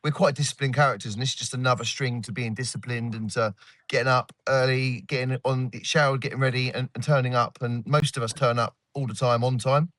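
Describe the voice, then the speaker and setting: A man's voice: mid-range voice, fairly even intonation, brisk, a bit bright, dry recording. A man co-hosting a casual podcast, jokey and teasing, calling his friends mate. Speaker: podcast co-host. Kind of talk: casual banter among friends.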